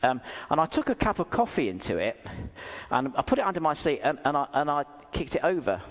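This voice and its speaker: Man, pastor, lively sermon; high, swooping voice, funny stories about himself, long church-hall reverb. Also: brisk. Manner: animated storytelling with rhetorical questions; self-deprecating humour.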